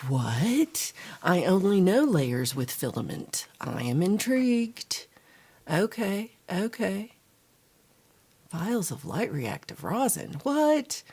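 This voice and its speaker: A woman's voice: lowish voice, darkish tone, breathy edge. A woman hosting a casual livestream chat, rambling and reading viewer comments aloud, a little tired and sluggish. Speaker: livestream host.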